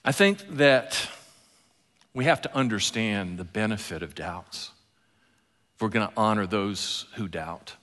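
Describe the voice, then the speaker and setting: A man preaching a sermon, telling stories and dropping into soft, intimate asides. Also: fairly low pitch, a little slow, pauses often. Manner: animated storytelling preacher, drops to soft asides. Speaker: pastor. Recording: long hall reverb.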